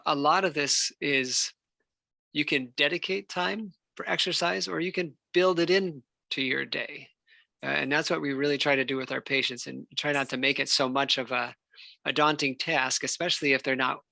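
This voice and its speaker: A man, a physical therapist giving a relaxed, unscripted health talk full of fillers and restarts. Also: medium pitch, normal speed, gravelly, no echo. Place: church hall.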